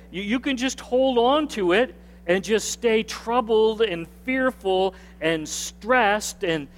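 A man preaching a sermon as pastor in a conversational way, repeating phrases and asking the congregation to answer back. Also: high-pitched. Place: church sanctuary with a screen. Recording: long hall reverb from a sanctuary.

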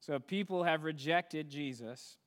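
Smooth-voiced male pastor, preaching. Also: fairly high pitch, unhurried, fairly bright tone. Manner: conversational preaching, building to emphatic peaks. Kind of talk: sermon. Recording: long hall reverb.

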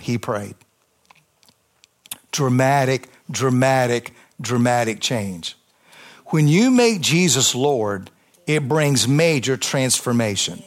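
A man's voice: mid-range voice, expressive, slow. A man, a pastor giving an impassioned, conversational testimony sermon to a congregation in church, with emphatic repetition.

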